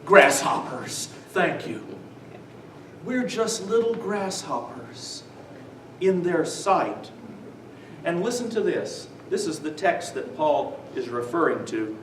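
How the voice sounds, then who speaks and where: A man with a high voice lectures slowly to a church class, stopping often to prompt his audience to finish a sentence, and chuckling as he tells his stories. He is picked up from well across a roomy, echoing space. A faint hiss sits under the whole recording. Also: very animated. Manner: quizzes the audience with "what?" prompts; chuckles while telling stories. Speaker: visiting lecturer on the New Testament. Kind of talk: church adult-education lecture. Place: church meeting room with a live audience. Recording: echoey room from far off, faint noise.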